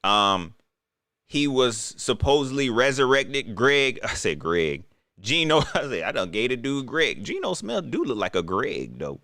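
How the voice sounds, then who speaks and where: A man's voice: medium pitch, very animated, a little slow, sharp tone, no echo, clean studio sound. A man giving a casual, joking sports rant, incredulous and repeating himself for effect. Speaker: sports commentator.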